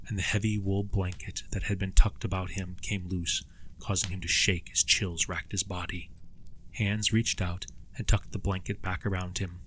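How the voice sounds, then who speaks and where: Deep-voiced man narrating an audiobook. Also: a bit bright, a little hiss or hum. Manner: measured, somber.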